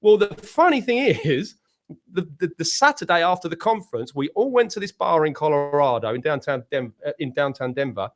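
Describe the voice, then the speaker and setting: A man's voice: a little high, lively intonation, brisk. A man from the United Kingdom with an English accent, telling long rambling stories in a casual panel chat, often restarting his sentences. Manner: rambling storytelling with many restarts. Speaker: panel guest, musician.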